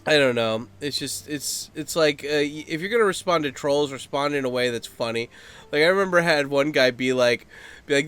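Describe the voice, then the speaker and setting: A man ranting casually to his camera for his channel, swearing freely and acting out other people's lines in quick put-on voices. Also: fairly high pitch, a bit bright, smooth. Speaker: YouTuber. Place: Japan.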